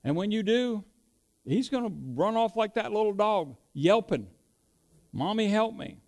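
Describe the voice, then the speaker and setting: A man's voice: sits high, lively intonation, normal speed, darkish tone. A middle-aged man preaching a sermon, mixing folksy storytelling with emphatic declarations. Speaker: pastor.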